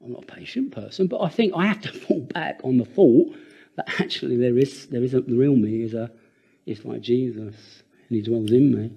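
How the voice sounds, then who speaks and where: An older man preaching a sermon, earnest and animated, with laughing asides and repeated words. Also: mid-range voice, moderate pace, creaky, husky, muffled recording.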